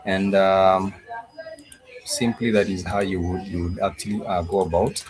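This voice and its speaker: A man with a fairly low voice teaches a live online language class. He thinks aloud as he goes and repeats phrases over and over, filling his pauses with ums and uhs and restarting his sentences. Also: little pitch movement, crowd noise. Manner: repetitive, thinking aloud, many fillers and restarts. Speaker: Swahili teacher.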